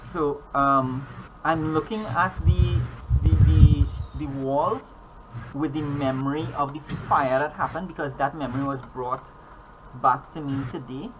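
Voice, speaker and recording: Brief: a halting tabletop player describing their ghost character, clear hiss under the voice. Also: medium pitch, fairly even intonation. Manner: hesitant, many restarts and fillers. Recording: noisy home recording.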